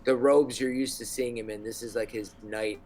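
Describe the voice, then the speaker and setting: Medium in pitch, fairly even in intonation, and a little mellow, this man speaks at normal speed over slight background noise in a low-quality recording. He's the game master narrating a tabletop game, rambling with plenty of ums and likes.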